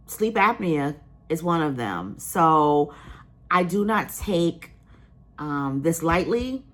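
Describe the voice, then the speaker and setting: A woman vlogging casually to her viewers, earnest and emotional, rambling with many fillers and restarts. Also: lowish voice. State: emotional, near tears. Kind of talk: casual vlog talk to viewers.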